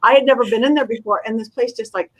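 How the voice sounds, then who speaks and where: A middle-aged woman with a fairly high voice tells a story in a casual interview. She talks with lively energy and slips into the voices of the people she describes. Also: fast talker, rough recording. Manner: animated storyteller, acts out quoted voices. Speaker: guest psychic medium.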